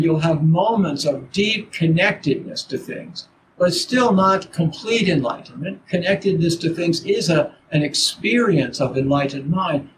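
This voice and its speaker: An older man teaching Zen in a halting dharma talk, full of restarts and "you know"s. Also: on the high side. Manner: halting, repeats words, many "you know"s. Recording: noisy background.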